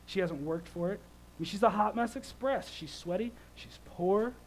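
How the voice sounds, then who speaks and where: A man in his thirties preaching a sermon, conversational and animated, telling stories with lively swings in loudness. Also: sits high, normal speed, slight background noise, poor audio.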